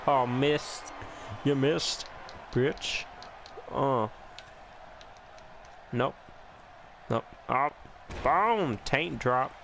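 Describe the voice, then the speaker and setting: Slow-talking man reacting to a wrestling game. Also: mid-range voice, vocal fry, a little hiss or hum, poor audio. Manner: excitable, reacting with gasps and swearing; joking, sarcastic asides. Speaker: gameplay commentator. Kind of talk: casual let's-play commentary.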